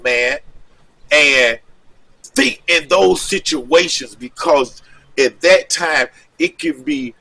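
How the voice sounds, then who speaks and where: A middle-aged man tells a true street story in a loose, animated way, heavy with slang. His voice sits a little high and has a forceful, bright edge. He keeps tagging "man" onto the ends of his phrases. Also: recorded from a distance, a little hiss or hum. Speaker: storyteller recounting street life. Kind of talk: casual storytelling.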